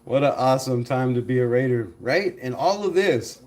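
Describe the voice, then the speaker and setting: A man hosting a casual live stream, animated, laughing often and talking to his chat. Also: mid-range voice, moderate pace.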